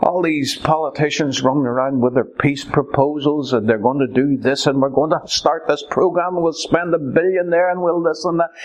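A man preaching a sermon, swinging from loud cries to hushed whispers. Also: high voice.

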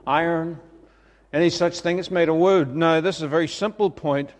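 A man's voice: a little high, long reverb tail. A man preaching a sermon, conversational and emphatic, chuckling between his points.

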